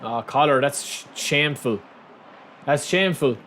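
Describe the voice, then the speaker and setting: A man streaming a football video game live, thanking viewers and shouting excitedly at his players. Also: mid-range voice, moderate pace, a little hiss or hum. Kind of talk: live gaming commentary.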